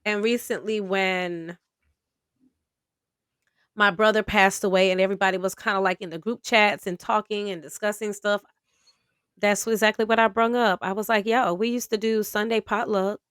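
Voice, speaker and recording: A woman co-hosting a podcast, chatting in a loose, slangy way and often trailing off into fillers before finding her point. Her voice sits at an ordinary middle pitch. The recording is close and dry, with almost no room sound. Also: normal speed, clean tone, dry recording. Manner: relaxed, slangy, with many fillers and restarts. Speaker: podcast co-host. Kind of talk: casual chat and reading an article aloud.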